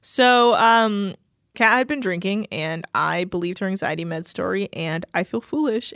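A woman's voice: medium pitch, measured pace, fairly bright tone, no echo, clean studio sound. A young woman co-hosting a podcast, chatting casually and sarcastically with lots of fillers. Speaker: podcast co-host. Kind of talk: casual chat recapping a reality show.

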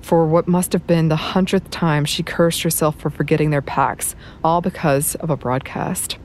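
Low-voiced woman narrating an audiobook. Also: steady tone, moderate pace, a little mellow, a little hiss or hum.

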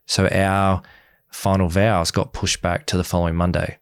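A young man, a podcast guest, telling his story candidly and quickly, acting out the back-and-forth of past conversations. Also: sits low, smooth. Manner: fast, animated retelling, acts out quoted exchanges. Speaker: podcast guest, former reality show groom.

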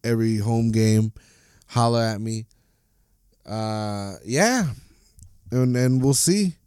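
A man's voice: medium pitch, takes it slowly, a little mellow, clear, resonant tone, no echo, clean studio sound. A man hosting a solo sports podcast, ranting bluntly and swearing constantly. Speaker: podcast host.

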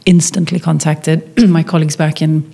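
A woman's voice: deep voice, little pitch movement, moderate pace, creaky, dark tone, husky. A woman, a documentary filmmaker, telling a personal story in conversation, acting out the quotes with frequent restarts.

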